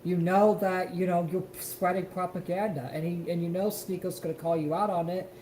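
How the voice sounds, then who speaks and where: High-voiced man ranting on a stream. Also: fairly even intonation, moderate pace, darkish tone, echoey room, slight background noise, low-quality recording. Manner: ranting, profane, emphatic. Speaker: stream co-host. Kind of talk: casual reaction stream.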